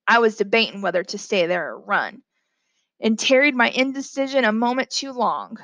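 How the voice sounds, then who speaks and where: A woman reading a novel aloud in a plain, steady storytelling manner. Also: a little high, moderate pace, no room sound. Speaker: reader.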